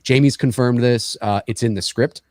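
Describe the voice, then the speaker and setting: A man's voice: mid-range voice, moderate pace, darkish tone, no room sound, studio quality. A man hosting a casual panel talk, rambling and acting out film lines as he goes.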